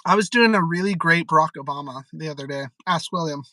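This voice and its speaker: A man hosting a live stream, rambling and giggling. His voice is bright and forward. The recording is close and dry. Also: on the high side, fast talker, dry recording, poor audio. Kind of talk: casual live-stream chat.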